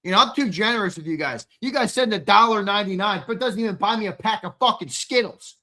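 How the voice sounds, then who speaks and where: Young male stream co-host, bright edgy voice, slightly strained, brash and teasing, swears freely. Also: high-pitched, fast talker. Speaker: live show co-host reading chat. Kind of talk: casual live-stream chat.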